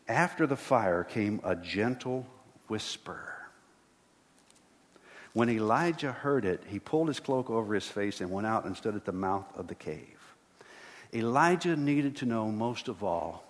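A middle-aged man preaching a sermon as pastor, earnest and building to emphatic repeated lines. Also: on the low side. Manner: earnest, rising to emphatic repetition. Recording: long hall reverb.

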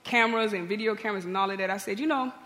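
A woman pastor telling a humorous story in her sermon, lively and animated. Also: racing. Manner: lively, humorous storytelling with big pitch swings. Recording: long reverb of a large hall.

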